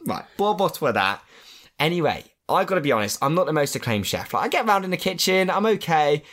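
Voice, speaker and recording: Guy in his 20s, animated storyteller, lively pitch. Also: fast. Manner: animated, chatty anecdotes with acted-out quotes. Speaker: podcast guest. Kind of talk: casual chat, storytelling.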